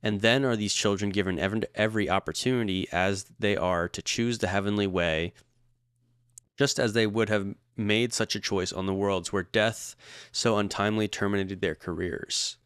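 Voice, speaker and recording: A man reads scripture-like passages aloud at a careful, measured pace. His voice sits fairly low and is smooth and resonant. The sound is close and dry. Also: steady tone, fairly bright tone, no room sound. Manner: measured, careful reading with occasional restarts. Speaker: co-host reading the text aloud.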